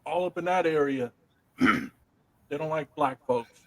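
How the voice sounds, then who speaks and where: A man's voice: on the high side, expressive, a little slow. A man in a casual chat, speaking emphatically and swearing. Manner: emphatic, profane.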